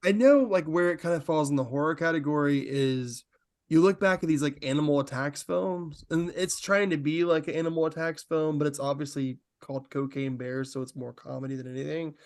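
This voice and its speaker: A man co-hosting a podcast, talking in a rambling, animated way with lots of fillers. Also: fairly high pitch, fairly quick, dry recording, studio quality. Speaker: podcast co-host. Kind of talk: casual podcast chat.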